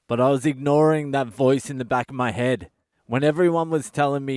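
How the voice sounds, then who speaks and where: A man's voice: medium pitch, a little fast, a little mellow, clear, resonant tone, dry recording, studio quality. Blunt, sweary Australian man ranting. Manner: blunt, sweary, exasperated storytelling. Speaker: comedian podcast host. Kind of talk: profane comedic rant. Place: budget hotel room.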